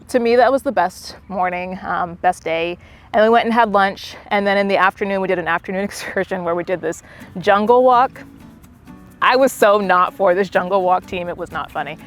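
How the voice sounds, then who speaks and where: A young woman talks viewers through a stretching workout and breaks into an animated travel story between cues. Her voice sits at a mid pitch, chatty and conversational, and soft music plays faintly behind her. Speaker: fitness instructor. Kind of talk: casual storytelling while leading a workout.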